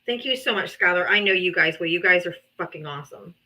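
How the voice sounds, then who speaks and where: A woman's voice: on the low side, quick pace, pushed and bright, low-quality recording. A woman hosting a live debate stream, talking casually and bluntly, with frequent swearing and exasperation. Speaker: livestream debate host. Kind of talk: casual livestream talk.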